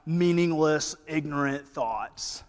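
This is a mellow young Southern dude with a Brewton, Alabama drawl blended with a surfer's lilt, as a man puts him on. He sits noticeably higher than the speaker's own voice and talks earnestly and unhurriedly. A long hall reverb trails behind him. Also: slow.

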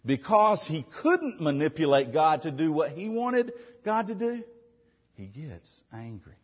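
A male pastor delivers a sermon in a somewhat high, animated voice with a husky edge. His voice rings with long reverb and comes through muffled, as from a church hall recording. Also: a little slow. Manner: asks the congregation frequent questions, with animated emphasis.

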